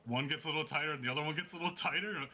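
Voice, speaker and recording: A man narrating a tabletop game as game master, excitable and vivid, like play-by-play. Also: fairly high pitch, very fast.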